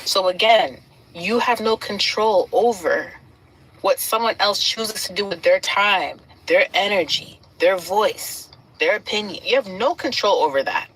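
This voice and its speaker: A woman's voice: mid-range voice, measured pace, a bit bright, slightly rough, rough recording. A woman preaching emphatically to an audience, building her points in rhythmic repeated lists. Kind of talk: sermon-like encouragement to an audience.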